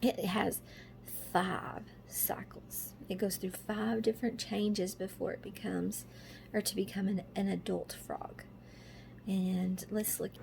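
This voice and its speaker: A woman teaches kindergarten children from home, speaking slowly and patiently in a mid-pitched voice. She asks simple questions and then answers them herself, and faint room noise sits behind her. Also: little pitch movement, creaky, dark tone. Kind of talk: remote lesson to young children.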